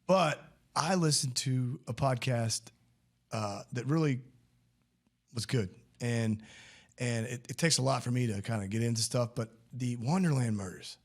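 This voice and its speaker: A man's voice: medium pitch, measured pace. A man hosting a podcast in casual chat, rambling and chatty with frequent laughs and restarts. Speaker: podcast host.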